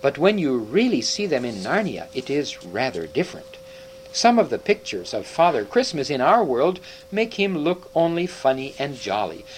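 A man reading a children's storybook aloud as narrator, in an expressive read-aloud manner. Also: a little high, a little hiss or hum, rough recording.

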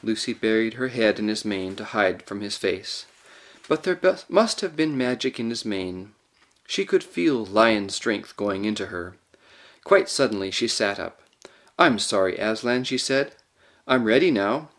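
A man narrating a children's story aloud with expressive storytelling. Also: on the low side, a little slow. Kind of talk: audiobook reading of a children's story.

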